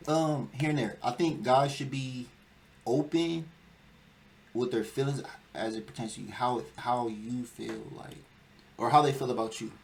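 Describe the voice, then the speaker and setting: A man's voice: mid-range voice, moderate pace, vocal fry, slight background noise. A young man hosting a casual dating talk show, laying out his views emphatically and acting out whiny quotes. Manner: emphatic, lecturing, acts out quoted whining. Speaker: podcast host. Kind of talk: casual chat.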